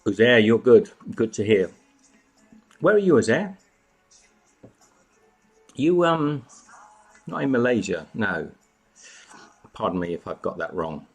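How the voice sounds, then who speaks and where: A man's voice: on the low side, sing-song, slow, pauses often, slightly rough, faint music behind. A man hosting a casual live chat from home, greeting viewers by name and snacking as he talks. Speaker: live stream host.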